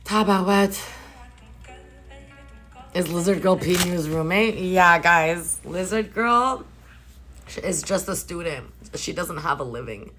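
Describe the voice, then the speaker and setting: Chatty, bright-voiced young woman. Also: lowish voice, measured pace, long pauses, soft background music, poor audio. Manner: chatty and animated, swears often, reads out chat questions. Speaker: vlogger chatting with livestream viewers. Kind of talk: casual chat. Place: hotel room.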